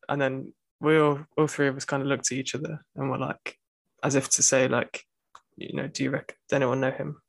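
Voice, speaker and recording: A young student telling a long story in casual chat, circling back with plenty of fillers. His voice is gravelly and fairly level in pitch. The sound is dry and close, with no room around it. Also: little pitch movement, normal speed, no echo. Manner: rambling storytelling with many fillers.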